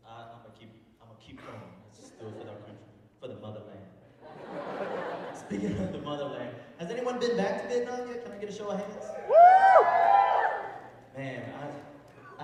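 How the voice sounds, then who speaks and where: Man, thirties, stand-up set, high lively voice, booming hall, far mic. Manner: animated, acts out voices and mock accents. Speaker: stand-up comedian. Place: large hall before a live audience. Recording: echoey hall, distant mic, noisy. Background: audience laughter.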